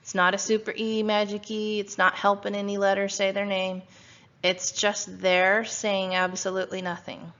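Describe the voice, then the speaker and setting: A woman's voice: medium pitch, monotone, moderate pace, a bit bright. A woman teaching a phonics spelling lesson to first graders, patiently sounding out letters and asking questions, recorded at home. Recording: dull lo-fi recording.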